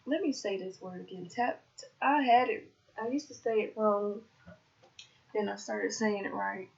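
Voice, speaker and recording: A woman's voice: mid-range voice, moderate pace, vocal fry, lo-fi sound. A woman talking casually to herself during her skincare routine, muttering and chatty. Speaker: vlogger.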